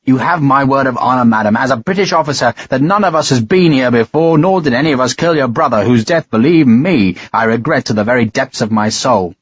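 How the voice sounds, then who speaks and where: A man's voice: mid-range voice, animated, brisk, hardly any pauses, slightly rough, no room sound, lo-fi sound. A male narrator voicing a stern British officer who barks urgent orders.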